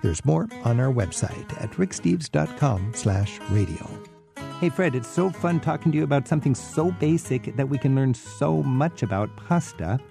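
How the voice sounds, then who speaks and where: A middle-aged man hosts a radio travel show, chatting enthusiastically with a guest and reading show links into a studio microphone. His medium-pitched voice is expressive with vocal fry, and he's conversational with quick laughs. Music plays in the background.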